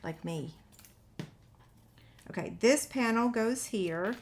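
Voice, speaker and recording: A woman's voice: on the high side, lively intonation, slow pace, creaky, a little mellow, slight background noise. A woman hosting a paper-craft tutorial, chatting with viewers in a self-deprecating way while she works, with a slightly runny nose. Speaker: paper-craft video host. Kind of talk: casual crafting tutorial chat.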